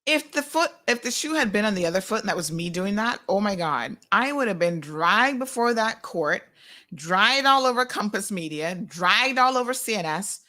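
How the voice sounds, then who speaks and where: A middle-aged woman hosting a live commentary, talking in a sarcastic and animated way. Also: medium pitch, normal speed. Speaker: host.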